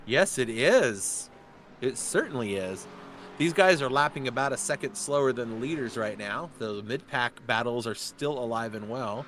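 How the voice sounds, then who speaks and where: A man giving chatty, excitable live commentary on a sim race. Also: medium pitch, a little hiss or hum. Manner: chatty, excitable, quick to laugh.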